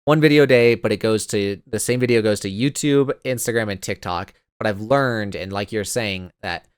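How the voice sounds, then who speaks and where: Man, low voice, tired, rambling podcast chat, dry close sound. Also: moderate pace, clean tone, no echo. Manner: rambling, filler-heavy, a little tired. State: tired, yawning. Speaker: podcast co-host.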